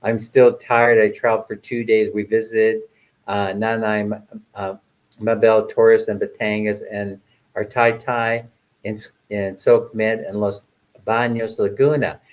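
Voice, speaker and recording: A man's voice: on the low side, level tone, a little slow, lo-fi sound. A retired man in his sixties, chatting casually on a live stream, reading comments aloud and laughing often between fillers. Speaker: vlogger reading live chat.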